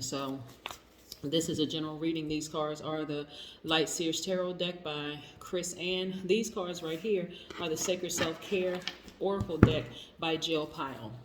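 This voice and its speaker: Woman, tarot reader, energetic and hype, lowish voice, echoey room, faint clicking. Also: slight background noise. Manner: energetic, hype-style motivational chatter with affirmations. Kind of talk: upbeat tarot reading to camera.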